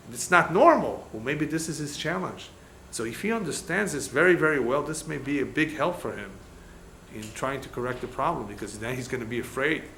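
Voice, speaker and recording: A man teaching as a rabbi, telling stories in an animated way and acting out the dialogue as he lectures. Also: a little high, creaky. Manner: animated storyteller, acts out quoted dialogue. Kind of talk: lecture with storytelling. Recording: echoey room, faint background noise.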